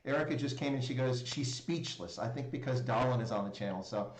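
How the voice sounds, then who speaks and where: A man's voice: medium pitch, brisk, a crowd in the background. Guy hosting a live stream, chatty, bit flustered, echoey room sound. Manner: flustered by mic trouble, chatty storyteller. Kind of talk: casual live stream chat. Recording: roomy echo.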